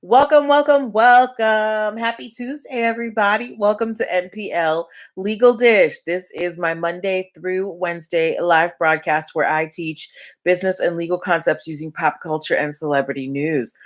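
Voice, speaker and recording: A woman's voice: on the low side, steady tone, normal speed. A middle-aged woman hosting a live online show, talking casually and explaining business and legal topics straight to her viewers. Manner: chatty, teaching, addresses viewers directly. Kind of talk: casual live-stream talk.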